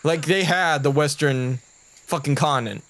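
A man's voice: a little high, moderate pace, a bit bright. Joking, profane gaming commentator man. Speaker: let's play commentator.

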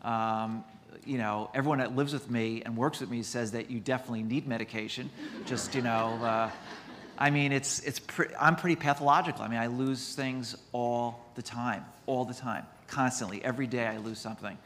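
A man's voice: mid-range voice, steady tone, normal speed, fairly bright tone, in a large hall, slight background noise. A man, a doctor, giving a conference lecture in a chatty, self-deprecating way, mixing medical points with stories.

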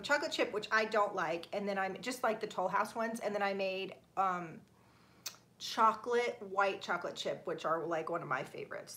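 A woman in her thirties with a mid-range, fairly bright voice hosts a casual livestream. She chats with viewers, reads their comments aloud, and laughs often.

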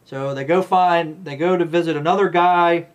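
A man's voice: on the high side, fairly even intonation, normal speed. Profane man ranting about a movie. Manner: rambling, blunt and profane. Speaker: movie reviewer. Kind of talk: casual profane movie review rant.

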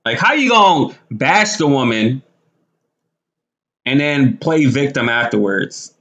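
A man's voice: mid-range voice, animated, slow, a bit bright, dull audio. A man giving casual, slangy commentary, talking animatedly with lots of fillers and restarts. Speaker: commentary vlogger.

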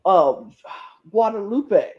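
A man co-hosting a podcast, excitable and gushing, acting out quotes in casual recap chat. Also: high voice, slow. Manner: excitable, acts out quotes, gushes. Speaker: podcast co-host. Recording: dull lo-fi sound.

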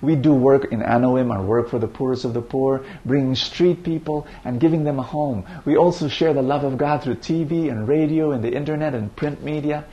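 A man's voice: mid-range voice, a little fast, few pauses, highs cut off. A man, a preacher, invites viewers to support his ministry and prays a blessing over them. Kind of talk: ministry appeal and blessing prayer.

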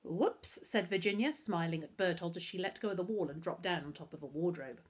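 A woman, a primary school teacher reading a children's novel aloud with expressive storytelling. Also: fairly low pitch, quick pace, husky.

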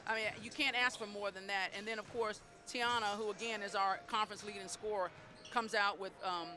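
A woman's voice: medium pitch, fairly even intonation, brisk, over music. A middle-aged woman, a basketball coach, talking effusively and proudly in a postgame interview, often repeating herself. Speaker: women's basketball head coach.

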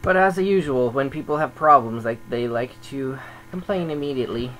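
A man's voice: mid-range voice, animated, moderate pace, fairly bright tone, low-quality recording. A man talking casually over gameplay as a server admin, grumbling and thinking aloud as he goes.

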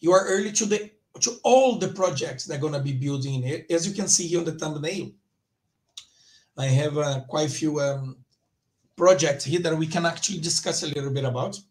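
A man's voice: a little high, normal speed, darkish tone. A man hosting his own crypto channel live, talking loosely and rambling, with frequent restarts. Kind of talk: casual livestream commentary.

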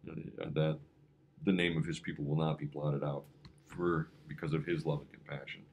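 A man's voice: very deep voice, flat delivery, moderate pace, phone-quality sound, slight background noise. A man preaching a conversational evening devotion as a pastor, talking loosely with frequent fillers and restarts. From United States. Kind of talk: informal devotional sermon.

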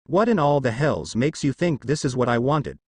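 A man's voice: medium pitch, big pitch swings, normal speed, a little mellow, husky, dry recording. A man reading the lines of a wrathful male sun god and protective father, growling with cold fury. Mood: angry.

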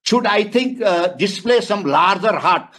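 A man from Nepal speaking as a webinar panelist over a video call, halting and searching for words, posing rhetorical questions. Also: high-pitched, expressive, bright, forceful tone. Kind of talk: panel discussion remarks.

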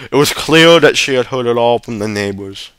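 A man reading a short story aloud as narrator, steady with occasional small stumbles. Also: medium pitch, a little slow, clear, resonant tone, dry recording. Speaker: story reader.

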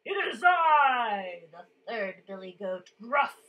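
A woman voicing the biggest billy goat in a children's storybook reading, a brave male goat who shouts back defiantly. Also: fairly high pitch, very animated, takes it slowly, highs cut off. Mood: proud. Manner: loud, defiant.

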